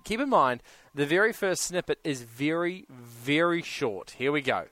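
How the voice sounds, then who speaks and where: A man's voice: fairly high pitch, expressive, a little slow, a bit bright, a little hiss or hum. A man hosting a radio show, running a music quiz in a playful, teasing way. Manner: playful, teasing game presenter. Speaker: radio host. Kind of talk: casual radio banter. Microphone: studio microphone.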